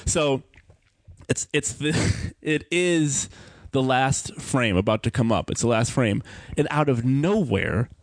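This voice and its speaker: A man co-hosting a podcast, telling stories in a casual chat, laughing often and acting out quotes in a high voice. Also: animated, slow pace, dry recording, studio quality. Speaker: podcast co-host.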